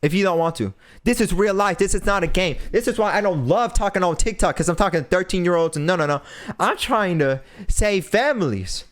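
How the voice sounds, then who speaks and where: A man's voice: high voice, fast, hardly any pauses. A young man hosting a podcast, delivering an impassioned, preachy rant and repeating phrases for emphasis. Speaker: podcast host.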